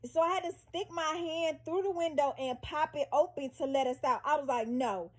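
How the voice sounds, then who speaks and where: A young woman vlogger telling a dramatic story to her viewers in a lively, animated way. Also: sits high, moderate pace. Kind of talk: storytime vlog.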